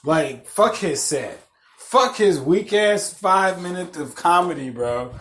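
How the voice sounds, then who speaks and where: A man hosting a podcast, telling a story as a profane rant, swearing constantly, repeating himself and getting loud and worked up. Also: sits high, expressive, takes it slowly, slight background noise. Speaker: podcast host.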